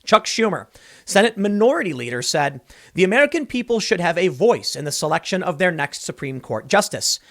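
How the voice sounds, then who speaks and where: Man, political commentator, high voice, lively swooping pitch, sarcastic monologue. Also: fairly quick. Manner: animated, sarcastic, mocks others with shrill impressions.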